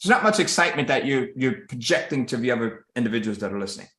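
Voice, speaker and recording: A man's voice: medium pitch, animated, racing, fairly bright tone. A man hosting a casual business call, coaching listeners and acting out the people he quotes. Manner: coaching tone, acts out quoted voices, says "right?" often. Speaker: host of a publishing business call. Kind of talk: casual motivational chat. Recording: roomy echo.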